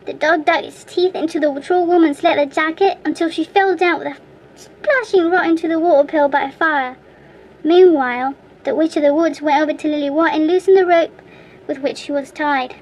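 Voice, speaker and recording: High-voiced woman reading a fairy tale. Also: fairly even intonation, moderate pace, a little mellow, rough recording. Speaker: audiobook reader. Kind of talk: storybook narration.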